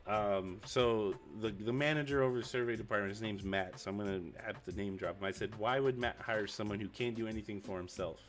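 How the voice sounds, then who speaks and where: A young man streaming, ranting casually and with plenty of swearing about a whiny coworker, often raising his pitch when he quotes people. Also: a little fast, hardly any pauses, faint music behind. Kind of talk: casual venting story.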